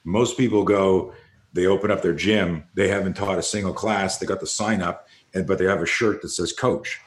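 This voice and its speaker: A man's voice: low-pitched, fairly even intonation, moderate pace. A man hosting a podcast, talking through ideas reflectively in casual chat. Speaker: podcast host.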